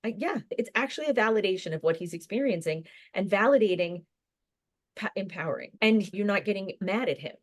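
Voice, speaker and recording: A woman's voice: medium pitch, expressive, no echo. Dry-voiced woman counselor explaining. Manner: warm, explanatory, speaks in quick bursts with restarts. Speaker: licensed counselor, guest. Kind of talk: conversational podcast interview.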